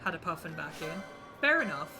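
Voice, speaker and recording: Man, young, high voice, sweary rambling chat, game music playing behind. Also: very animated, fairly quick. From United Kingdom. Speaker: streamer. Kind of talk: casual chat while gaming.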